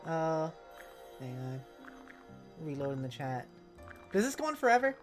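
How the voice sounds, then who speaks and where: Playful woman streamer with a lowish voice. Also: big pitch swings, a little slow, soft background music, rough recording. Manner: playful, giggly, reads chat aloud. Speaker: streamer co-host. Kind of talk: casual game-stream chat.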